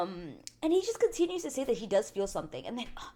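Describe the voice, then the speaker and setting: A woman's voice: a little high, wildly swooping pitch, quick pace, hardly any pauses, mellow. A woman hosting a casual TV recap vlog, chatty and blunt, full of "like" fillers and swearing. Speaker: TV recap channel host.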